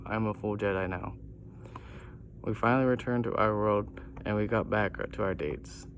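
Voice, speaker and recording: A man's voice: lowish voice, steady tone, normal speed, fairly bright tone, slight background noise. A man reading a goofy, self-mocking comic story aloud.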